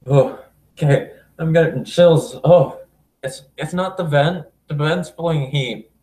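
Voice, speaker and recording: A man's voice: fairly high pitch, unhurried, mellow. A young man commenting on a game he streams, jittery and freaked out. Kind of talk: let's play commentary. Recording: echoey room.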